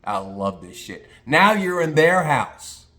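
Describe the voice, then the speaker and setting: A man's voice: a little high, sing-song, slow, bright, forceful tone. An older retired man ranting crudely and mockingly in a casual monologue, telling stories and slipping into put-on voices. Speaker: vlogger. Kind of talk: casual rant.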